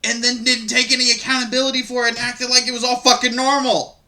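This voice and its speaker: Bright-voiced profane man ranting. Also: extremely high pitch, fast talker. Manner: animated, profane and rambling. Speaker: reaction video host. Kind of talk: casual commentary reacting to online stories.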